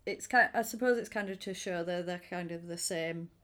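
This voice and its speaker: A chatty woman recapping a film with a friend on a podcast. Her voice sits on the low side for a woman. She talks in easy, animated bursts and slips into little acted-out reactions. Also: normal speed. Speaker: podcast co-host. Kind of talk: casual film-discussion chat.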